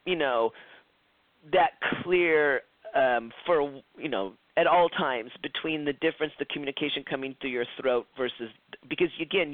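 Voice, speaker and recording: A man's voice: fairly high pitch, no room sound. Chatty man teaching over a tinny line. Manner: chatty, acts out quoted dialogue, frequent restarts. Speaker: psychic development instructor. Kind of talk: recorded class lecture. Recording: tinny phone-like lo-fi, dry.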